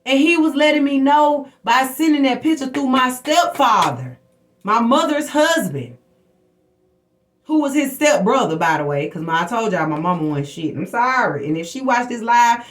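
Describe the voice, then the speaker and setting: A woman's voice: fairly high pitch, lively intonation, moderate pace. Blunt woman preaching to viewers. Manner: blunt, profane, preachy storytelling. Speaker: spiritual livestream host. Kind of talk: casual spiritual talk to viewers.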